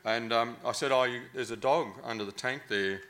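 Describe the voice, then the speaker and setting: A man's voice: medium pitch, moderate pace, bright, forceful tone. An Australian man telling a long, casual anecdote, rambling and hesitant with many fillers.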